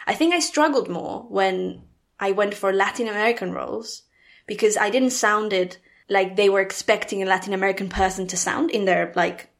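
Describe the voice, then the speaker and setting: A woman with a mild Argentinian accent talks as a podcast guest. She is chatty and animated and laughs often as she talks. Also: mid-range voice, normal speed, vocal fry. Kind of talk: casual interview chat.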